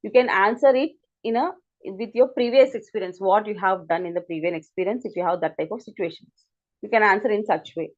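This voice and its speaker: A woman's voice: mid-range voice, brisk. A woman with an Indian English accent teaching an online class, explaining at length and often checking that students follow. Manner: explanatory, repetitive, asks students to confirm. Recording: lo-fi online call audio.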